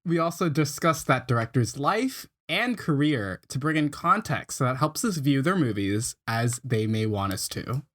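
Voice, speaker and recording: A man's voice: medium pitch, very animated, normal speed, few pauses, fairly bright tone. A man co-hosting a film podcast, talking in a chatty, upbeat way. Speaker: podcast co-host. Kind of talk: casual chat.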